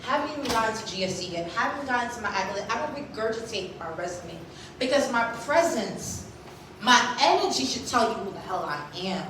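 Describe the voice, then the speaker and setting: A woman's voice: fairly high pitch, animated, brisk. Woman, 30s, from Haiti, motivational keynote, emphatic, stage mic, echoey hall, room noise. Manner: emphatic, keeps asking "right?" of the audience. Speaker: conference speaker. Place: large conference hall. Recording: echoey hall, recorded from a distance.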